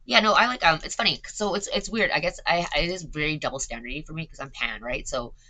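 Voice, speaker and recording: A woman's voice: deep voice, fast talker, bright, forceful tone, low-quality recording. A woman, rambling on stream in casual chat, swearing and filling gaps with "like" and "um". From Canada. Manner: chatty, swears a lot, filler-heavy.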